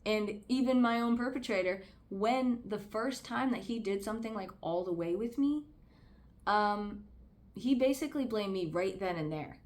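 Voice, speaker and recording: A woman's voice: medium pitch, moderate pace, darkish tone. A woman talking candidly in a casual vlog, earnest and conversational, leaning on "like" a lot. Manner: candid and conversational, heavy use of "like"; earnest, speaks out about personal experience. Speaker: vlogger. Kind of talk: casual commentary to camera.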